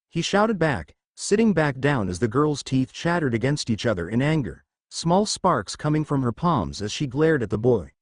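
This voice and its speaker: A man narrating a fan fiction story, reading every character's lines in nearly his own voice with only small lifts in pitch. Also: big pitch swings, moderate pace, few pauses, no room sound, studio quality.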